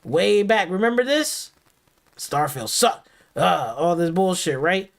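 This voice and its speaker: A man's voice: high voice, animated, takes it slowly, gravelly. Angry, profane male streamer ranting. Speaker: gaming streamer host. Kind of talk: ranting reaction commentary.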